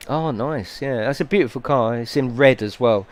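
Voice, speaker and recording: On a sim racing stream, a middle-aged British man talks casually in a mid-range voice at a moderate pace, with slight hiss or hum in the background. His storytelling wanders, turns sweary, and builds into heat.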